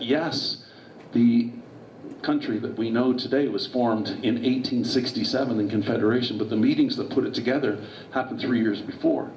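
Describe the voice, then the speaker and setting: A man's voice: mid-range voice, a little mellow, a little hiss or hum. Man lecturing in a roomy hall. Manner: storytelling, with asides and digressions. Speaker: author and guest speaker. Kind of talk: public history lecture. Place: meeting hall. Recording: distant, roomy, dull hall recording.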